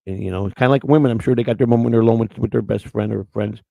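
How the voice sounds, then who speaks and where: A man's voice: lowish voice, steady tone, rapid-fire, vocal fry, warm tone, dry recording, low-quality recording. A man hosting a live-stream morning show, rambling in unscripted chat, blunt and crude, restarting his words again and again.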